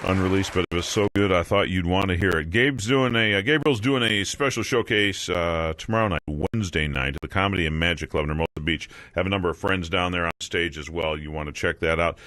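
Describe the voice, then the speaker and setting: A man's voice: deep voice, fairly quick, few pauses, fairly bright tone, some chatter behind. A man as radio host giving casual announcements, with a few uh fillers.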